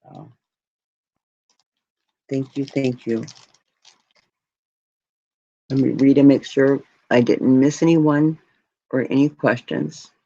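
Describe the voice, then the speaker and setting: A woman's voice: rumbling low, fairly even intonation, slow, gravelly, pauses often, mellow, no room sound. Heartfelt rambling woman streaming live. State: tearing up. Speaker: jewelry live stream host. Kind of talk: casual live stream chat. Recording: dry, muffled lo-fi audio.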